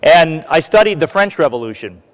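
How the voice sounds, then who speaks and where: An American man giving a conference talk as a keynote speaker, an animated storyteller who acts out what the crowd shouts. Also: on the high side, moderate pace, big-room sound. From United States. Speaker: keynote speaker, retired army colonel. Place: large conference hall.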